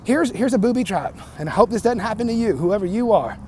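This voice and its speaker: Heated, high-voiced man ranting. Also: lively intonation, fast, darkish tone, a little hiss or hum. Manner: heated, profane, repeats and restarts himself. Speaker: vlogger. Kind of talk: angry rant to camera.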